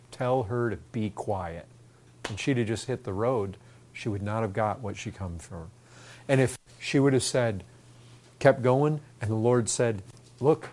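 A man's voice: mid-range voice, a little mellow. Man, preacher, earnest sermon, repetitive, fervent.

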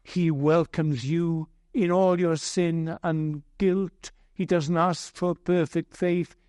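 A man preaching a sermon as pastor, earnest and heavy with repetition and pauses. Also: on the high side, fairly even intonation, darkish tone, clean tone, no room sound, clean studio sound.

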